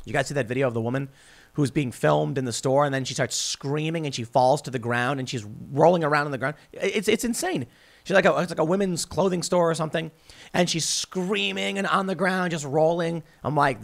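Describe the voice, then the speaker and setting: A man hosting a podcast, delivering a sarcastic, animated political commentary monologue and often repeating words as he restarts sentences. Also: fairly high pitch, fairly quick, creaky. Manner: animated, sarcastic, mocks opponents in put-on voices. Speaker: podcast host.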